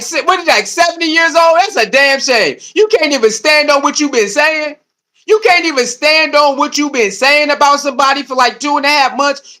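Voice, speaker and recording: A man giving heated, repetitive live-stream commentary, laughing and mocking as he talks. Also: very high voice. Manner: animated, repetitive, laughing, slangy. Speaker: streamer reacting to a video.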